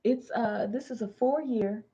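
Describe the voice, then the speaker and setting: A slightly tipsy woman in her thirties chats loosely on a livestream, laughing between slangy, laid-back remarks as a tarot reader. Her voice is mellow and relaxed, and the audio comes through a little dull. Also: fairly high pitch, unhurried, breathy edge. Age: 30s. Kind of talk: casual livestream chat.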